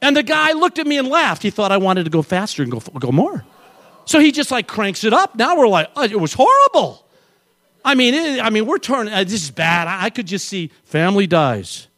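A middle-aged male pastor delivers a sermon built around a funny personal story. His voice sits high and moves all over the place. He is an animated storyteller who acts out the people he describes. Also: fairly quick.

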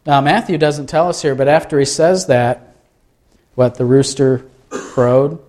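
A man's voice: mid-range voice, fairly even intonation, measured pace, darkish tone. A man preaching a sermon in a conversational way, asking his listeners rhetorical questions. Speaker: pastor.

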